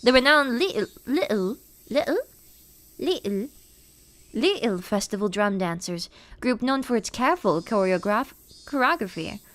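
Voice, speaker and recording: A woman reading a village festival notice in a put-on, measured reporter voice. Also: fairly high pitch, lively intonation, a bit bright. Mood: formal. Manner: measured, formal announcer delivery. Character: formal village notice announcer.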